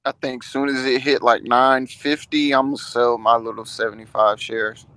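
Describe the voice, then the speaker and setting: A man in a casual voice chat about stocks, excitable and swearing. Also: medium pitch, normal speed, smooth, no room sound, rough recording.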